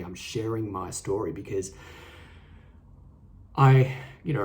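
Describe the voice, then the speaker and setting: A man with an Australian accent hosting a solo podcast, earnest and halting, often repeating his words. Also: on the low side, darkish tone. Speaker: podcast host. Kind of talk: reflective solo podcast talk. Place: indoors, seated. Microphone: studio microphone and camera.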